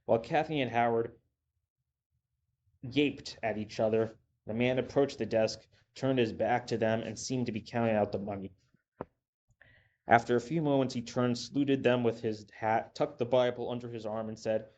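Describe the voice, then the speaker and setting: A man reading a story aloud in a steady, measured narration. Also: mid-range voice. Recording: dull lo-fi with faint hiss.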